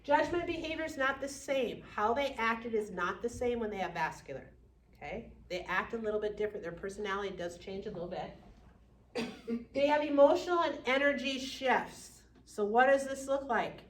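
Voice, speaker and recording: A woman teaching a class on dementia care, lively, acting out family members and residents. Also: on the high side, normal speed. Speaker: dementia educator. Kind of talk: classroom lecture. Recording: echoey room from far off.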